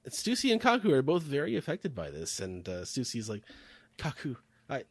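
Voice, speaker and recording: A man's voice: medium pitch, fairly quick, no room sound. A man hosting a podcast, recapping a comic chapter in casual chat, laid-back with frequent fillers. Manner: relaxed, laid-back summarizing with many fillers. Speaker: podcast host.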